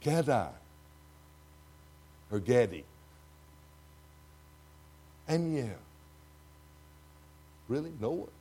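Dramatic older Texan preacher. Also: male voice, fairly high pitch, breathy edge. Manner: dramatic, swinging from loud to hushed. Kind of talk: sermon. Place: church before a congregation.

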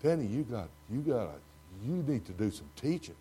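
A dramatic older preacher with a Texan accent, delivering a sermon to a church congregation. His dark, mellow voice swings between booming emphasis and quiet asides. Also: sing-song, normal speed, breathy edge. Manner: dramatic, swinging from loud to hushed.

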